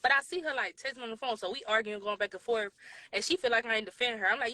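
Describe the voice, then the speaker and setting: A woman's voice: fairly high pitch, racing. A woman, telling a story on a live show and acting out the voices of the people in it. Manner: animated, acts out quoted voices, Southern US slang. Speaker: podcast co-host telling a story.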